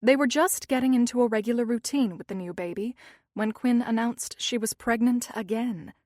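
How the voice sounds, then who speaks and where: A woman narrating a thriller audiobook in an even, measured reading style. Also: on the high side, no room sound, clean studio sound.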